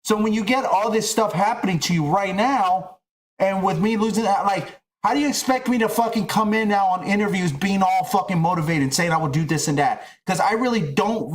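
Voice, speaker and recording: Swearing his way through a casual stream rant about being turned down for jobs, a middle-aged man speaks in a high-pitched, animated voice at a moderate pace.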